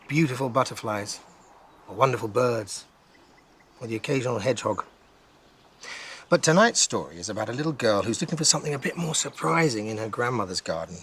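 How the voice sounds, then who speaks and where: A man reading a bedtime story aloud in a gentle manner, outdoors in a garden. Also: mid-range voice, slight background noise. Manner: gentle, with lively intonation.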